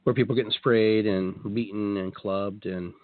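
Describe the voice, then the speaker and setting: A man's voice: on the low side, fairly even intonation, normal speed, no echo. A man telling his story as a guest on a talk show, rambling with many restarts and quoted asides. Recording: tinny phone-like line, dry.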